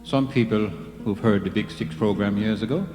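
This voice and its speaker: Musician bantering on stage. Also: male voice, on the low side, normal speed, music in the background. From Newfoundland. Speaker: comedian and musician. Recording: live stage recording in an echoey hall.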